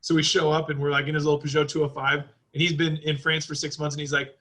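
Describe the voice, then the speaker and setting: Texan man, bright voice, jokey, easy drawl, slightly high. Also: level tone, fast. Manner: joking, laid-back drawl. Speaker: podcast guest. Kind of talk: casual chat.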